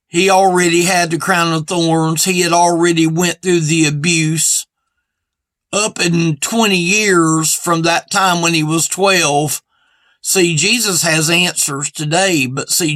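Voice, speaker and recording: A man with a high, bright voice preaches a sermon at an unhurried pace. He sounds earnest and repeats his points in plain everyday grammar, and the recording is dry and close. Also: dry recording. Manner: earnest and repetitive, stressing points with "see".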